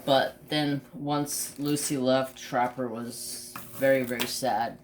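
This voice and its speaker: A man's voice: mid-range voice, little pitch movement, takes it slowly, slight background noise. Rambling man telling a story. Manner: swears freely, many restarts and fillers. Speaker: crafting channel host.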